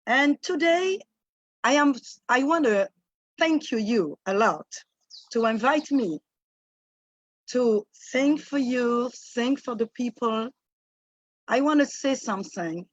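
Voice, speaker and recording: A French-accented woman, a guest singer from Martinique, speaks earnestly in slow, halting English. Her voice sits fairly high and sounds dry and close. The lo-fi video-call audio dulls its clarity. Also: lively intonation, dry recording. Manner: halting, searching for words, earnest. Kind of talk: casual remarks on a video call.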